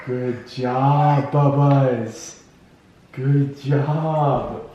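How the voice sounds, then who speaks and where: A man's voice: medium pitch, fairly even intonation, slow pace, dark tone. A father who keeps coaxing and encouraging his toddler, laughing along with him. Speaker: dad. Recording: echoey distant home video with noise.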